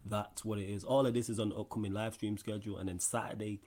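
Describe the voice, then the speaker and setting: A man's voice: on the low side, steady tone, fast talker, a little mellow. A young man hosting a casual football podcast, slangy and laid-back as he runs through the schedule. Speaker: podcast host.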